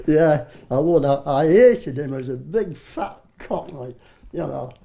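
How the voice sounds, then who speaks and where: A man's voice: fairly high pitch, expressive, slow pace, creaky, warm tone. A man, an interviewee reminiscing casually and rambling through war stories, swearing freely and restarting his sentences. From Britain. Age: 90s. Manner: rambling, salty storyteller who swears freely and restarts often.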